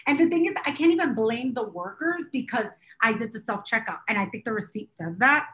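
A woman's voice: on the high side, expressive, a little fast, hardly any pauses, a bit bright. A woman co-hosting a podcast in casual chat, rambling through an exasperated, self-deprecating story. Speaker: podcast co-host.

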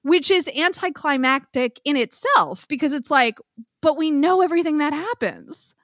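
Lively high-voiced woman co-hosting a podcast. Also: normal speed, no room sound, clean studio sound. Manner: animated, swears freely, laughs often. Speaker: podcast co-host. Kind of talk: casual chat.

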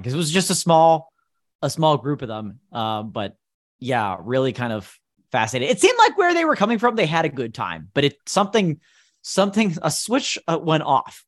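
A man's voice: medium pitch, no echo, studio quality. A man hosting a podcast, casually telling a story with laughs between phrases. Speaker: podcast host. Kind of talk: casual chat.

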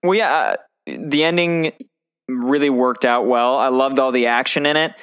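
Smooth-voiced enthusiastic male co-host. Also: medium pitch, fairly even intonation, fairly bright tone. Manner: enthusiastic, quick to agree and laugh. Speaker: podcast co-host. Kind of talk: casual movie review chat.

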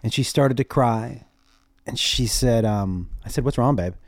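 A man's voice: medium pitch, a little slow, no echo. A middle-aged man, a comedian guesting on a podcast, telling family stories in a casual chat and acting out every line of quoted dialogue. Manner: animated storyteller who acts out quoted dialogue.

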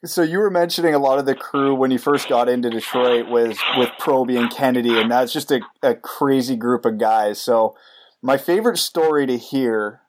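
A man hosting a podcast, asking measured, leading interview questions. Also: medium pitch, background noise. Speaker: podcast host.

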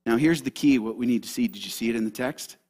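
A man preaching a sermon as a pastor, swinging from loud shouted lines to hushed asides. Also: medium pitch, fast.

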